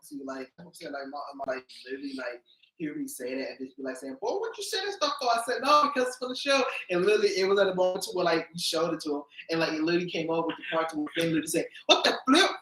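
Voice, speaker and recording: A young man hosting a podcast, telling stories in casual chat and jumping into high-pitched voices when he quotes people. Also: expressive, very fast, fairly bright tone. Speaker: podcast host. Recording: echoey room.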